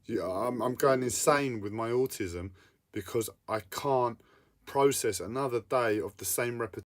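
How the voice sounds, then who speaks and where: A distressed man in an unscripted personal vlog, talking in halting, repetitive bursts with a whiny edge. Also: mid-range voice. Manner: repetitive, halting, self-interrupting. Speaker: livestreamer.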